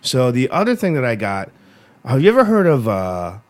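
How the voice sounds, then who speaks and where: A man's voice: medium pitch, wildly swooping pitch, moderate pace, darkish tone. Rambling, swearing man telling a story. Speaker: podcast co-host. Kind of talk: casual chat.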